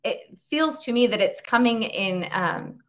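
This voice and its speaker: A woman's voice: a little high, expressive. Chatty, laughing woman host. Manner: chatty, halting, many fillers and restarts; laughs often while talking. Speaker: interview host. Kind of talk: casual video interview.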